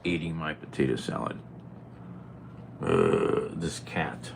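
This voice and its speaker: Animated man talking to his cat. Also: rumbling low, takes it slowly, creaky, background noise. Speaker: vlogger. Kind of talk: casual chat.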